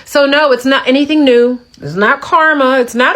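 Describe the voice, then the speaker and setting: A woman's voice: high-pitched, moderate pace, a bit bright, rough recording. A woman in a played video clip, ranting casually and indignantly to her viewers, repeating lines for emphasis.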